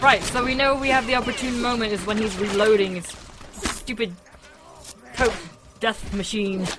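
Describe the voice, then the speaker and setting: A woman hosting a casual let's play, excitable and giggly, shouting at the game as she plays. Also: fairly high pitch, moderate pace. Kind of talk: casual gameplay commentary. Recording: noisy game audio in background.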